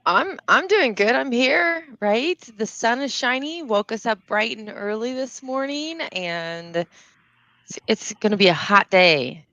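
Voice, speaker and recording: A woman's voice: a little high, lively intonation, pushed and bright, dry recording, highs cut off. A woman with a Southern US accent, co-hosting a casual chat in a rambling, laughing way. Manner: chatty, rambling, quick to laugh. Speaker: co-host.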